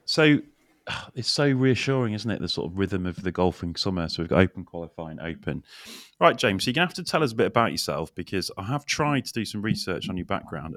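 A man from Lincolnshire hosting a golf podcast, chatting in a jokey, teasing way with quick asides. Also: low-pitched, fairly bright tone, dry recording. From Lincolnshire, England. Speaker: podcast host. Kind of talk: casual podcast chat.

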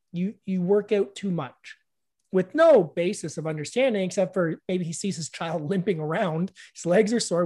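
A man's voice: sits high, a little mellow. A middle-aged man hosting a casual conversation, who tells family stories and asks reflective questions.

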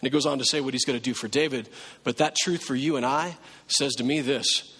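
A pastor preaching a sermon in a relaxed, conversational way, now and then acting out pleading prayers. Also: male voice, mid-range voice, fairly quick, breathy edge, in a large hall.

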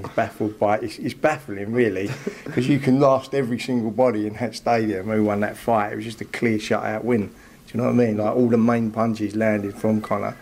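Un entraîneur de boxe qui commente le combat en interview, en digressions hésitantes ponctuées de « vous voyez ». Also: male voice, fairly low pitch, a little mellow, slight background noise. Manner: rambling, many fillers. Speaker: boxing trainer. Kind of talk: post-fight analysis.

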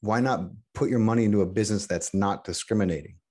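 A middle-aged man talking as a podcast guest in casual chat, halting and restarting often. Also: on the low side, a little mellow. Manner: halting, many restarts and repeated words.

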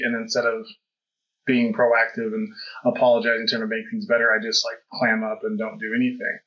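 A man's voice: on the low side, completely flat delivery, a little fast. A man hosting a podcast, talking candidly and reflectively, with frequent fillers. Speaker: podcast host. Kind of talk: casual conversation. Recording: dull lo-fi audio.

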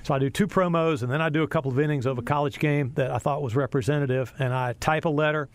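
Man, middle-aged, American, sports broadcaster, animated storyteller, slightly high voice. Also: fast. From USA. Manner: animated storyteller, acts out quotes. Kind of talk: storytelling interview chat.

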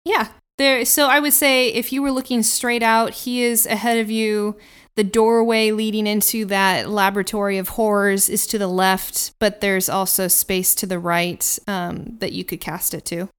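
A woman's voice: mid-range voice, little pitch movement, normal speed, clean tone. A woman running a tabletop game as game master, playful and laughing often.

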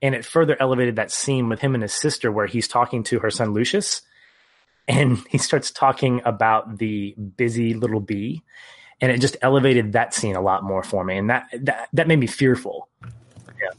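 A man's voice: mid-range voice, moderate pace. A man co-hosting a casual film podcast, earnestly retelling scenes and his reactions. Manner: earnest, storytelling recap. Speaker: podcast co-host.

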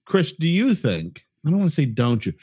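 A man's voice: on the high side, sing-song, fairly quick, warm tone, slightly rough, no room sound. A man co-hosting a podcast in casual chat, joking and teasing, often stumbling and restarting his sentences. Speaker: podcast co-host.

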